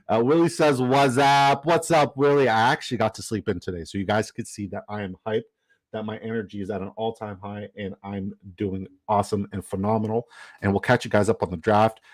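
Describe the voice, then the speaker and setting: A lowish-voiced man hosts a live stream briskly in a steady tone, casual and upbeat, rambling with fillers and shout-outs as he reads out viewer comments. The recording lacks echo but is low in quality.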